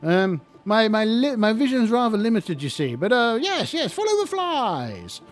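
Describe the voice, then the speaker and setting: A man putting on a bubbly oracle spirit from the bottom of a pit, voiced up high and swooping. It gushes in an eager, fluttery babble, full of cheer. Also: big pitch swings, normal speed, faint music behind. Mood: breezy.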